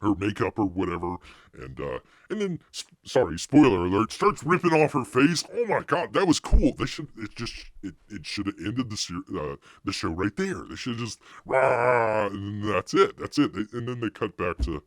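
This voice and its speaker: A man's voice: on the low side, sing-song, normal speed, dry recording, clean studio sound. A man hosting a live stream, chatting casually in a rambling way, with frequent restarts and laughter. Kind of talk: casual review chat.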